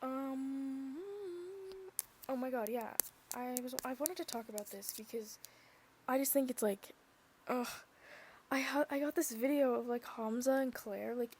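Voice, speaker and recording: A woman's voice: high-pitched, steady tone, moderate pace, darkish tone, a little hiss or hum. A young woman chatting casually on her own podcast, rambling and gushing with many fillers, sometimes dropping to a whisper. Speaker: podcast vlogger. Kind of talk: casual chat.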